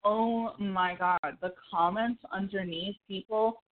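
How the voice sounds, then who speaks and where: A woman hosting a casual podcast chat, animated and swearing freely, with quick asides. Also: mid-range voice. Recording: tinny phone-like sound.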